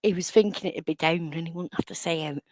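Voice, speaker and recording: A chatty woman hosts a live stream, commenting on clips with sarcastic asides. Her voice sits a little low and sounds close and dry, with no room around it. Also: fairly even intonation, quick pace, no room sound. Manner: chatty, sarcastic, laughs often. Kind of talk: casual commentary over clips.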